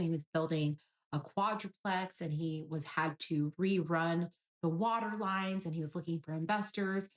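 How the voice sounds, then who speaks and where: Earnest woman telling a personal story. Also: on the low side. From Nigeria. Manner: emotional, earnest recounting with quoted dialogue.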